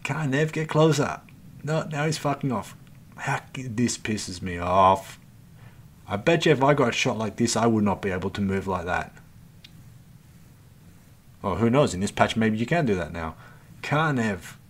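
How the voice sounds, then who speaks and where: A man's voice: fairly low pitch, expressive, measured pace, long pauses, slightly rough. A man hosting a gaming channel, giving an exasperated, swear-filled running commentary as he plays and talks to himself and to his viewers. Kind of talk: live gameplay commentary.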